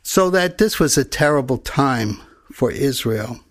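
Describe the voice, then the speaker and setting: A man preaching a sermon in an earnest, measured teaching manner, reading scripture passages aloud. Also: medium pitch, lively intonation, dry recording.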